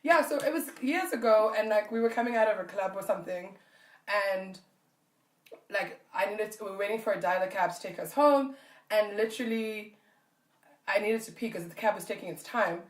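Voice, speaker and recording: A woman from Namibia co-hosting a podcast, telling a story in an animated way and laughing often. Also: mid-range voice, brisk, reverberant, distant mic. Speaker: podcast co-host. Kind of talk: casual chat.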